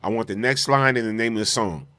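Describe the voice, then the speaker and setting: A man hosts a radio talk show in a relaxed, chatty way. His voice sits low and the sound is dry and close. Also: fast talker, dry recording. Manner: laid-back, chatty announcing.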